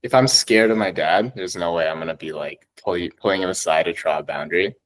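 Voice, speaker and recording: A man chatting as a podcast guest, excitable and heavy on swearing, often laughing as he talks. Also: sits low, fairly quick, low-quality recording. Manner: excitable, swears a lot, laughs while talking. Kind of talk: casual chat.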